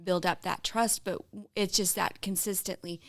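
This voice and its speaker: A woman and mother speaking in a casual podcast chat, soft-spoken and hesitant, reflecting on trust. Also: on the low side, steady tone, normal speed, gravelly.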